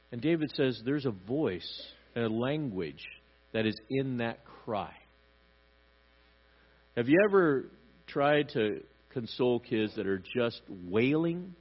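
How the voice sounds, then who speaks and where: A man preaching a sermon, animated, acting out short voices as he tells his points. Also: mid-range voice, slow, dull audio. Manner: animated, acts out little voices for God and parents. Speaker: pastor.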